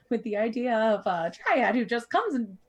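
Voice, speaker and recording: A woman voicing a kindly but nervous village woman who speaks softly and haltingly, in a tabletop role-play game. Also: a little high, big pitch swings, dull audio. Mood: fretful. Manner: soft, halting, fretful.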